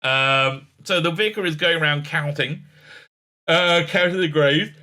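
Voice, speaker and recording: A man's voice: a little high, unhurried, sharp tone. A middle-aged man reviewing a TV episode in a rambling, sarcastic way, full of uhs and restarts. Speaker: show recap reviewer. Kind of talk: casual review commentary.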